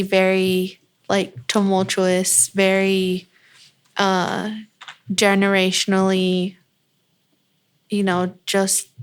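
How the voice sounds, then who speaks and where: A woman's voice: medium pitch, smooth. A woman guest on a podcast, speaking earnestly and from the heart about supporting other women and her children. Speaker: guest, beauty brand founder. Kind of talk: casual podcast chat.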